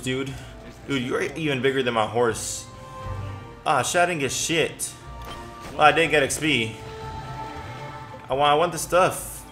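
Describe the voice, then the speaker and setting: A young man giving casual gameplay commentary, excitable, often stammering and swearing as he reacts. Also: mid-range voice. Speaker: gaming commentator.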